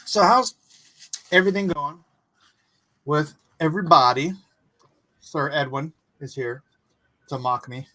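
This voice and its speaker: A man's voice: on the high side, measured pace, long pauses, pushed and bright. A man hosting a casual art livestream, chatting loosely and laughing easily while he eats. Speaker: livestream host.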